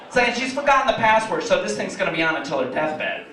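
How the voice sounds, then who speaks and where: Young guy doing stand-up, high lively voice, echoey club, crowd laughing. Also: quick pace. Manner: animated, storytelling. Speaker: stand-up comic. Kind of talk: stand-up comedy set. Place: comedy club in front of a live audience. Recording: echoey club, mic from a distance, audience laughing.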